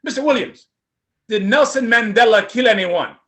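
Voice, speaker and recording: A man's voice: very high-pitched, lively intonation, normal speed, fairly bright tone, voice pushed up. A man voicing an earnest, encouraging Nigerian prison guard with a Nigerian accent.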